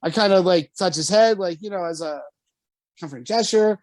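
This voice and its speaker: A man telling a story on a casual podcast, animated and swearing often, jumping high when quoting himself. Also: brisk, no room sound. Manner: animated, swears often, jumps to high pitch for quoted lines. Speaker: podcast co-host.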